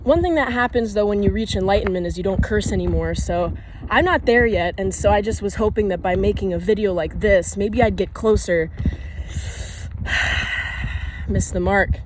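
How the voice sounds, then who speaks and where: A woman's voice: medium pitch, normal speed, noisy background. A young woman talking to camera outdoors on a walk in the woods. She rambles from thought to thought, laughs often and swears casually. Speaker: vlogger. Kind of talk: rambling spoken musing.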